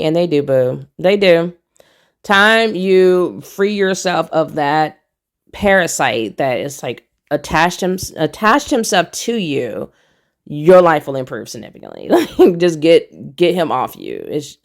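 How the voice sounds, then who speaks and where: Give me a low-pitched young woman doing emphatic, opinionated vlog commentary. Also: very animated, a little slow, gravelly. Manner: emphatic, preachy, repeats "no, no". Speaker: commentary vlogger. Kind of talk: casual commentary.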